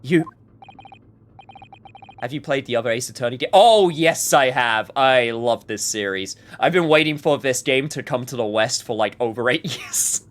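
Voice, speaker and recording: A man's voice: mid-range voice, normal speed, fairly bright tone. Joking man commenting on gameplay. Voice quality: chatty, joking, reacts aloud and reads dialogue.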